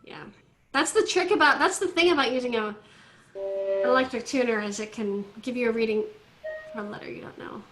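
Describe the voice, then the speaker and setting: A woman teaching an online violin class, coaching students through tuning in a brisk, directive way over a video call. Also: on the high side, loud music behind the voice. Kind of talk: online group class instruction. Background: faint violin notes from students.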